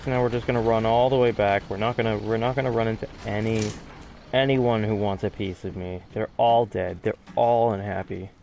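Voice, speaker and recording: A man's voice: lowish voice, fairly even intonation, a little fast, gravelly, a little mellow, slight background noise. A man giving chatty, self-deprecating commentary during a game speedrun, often restarting his sentences. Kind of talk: casual gameplay commentary.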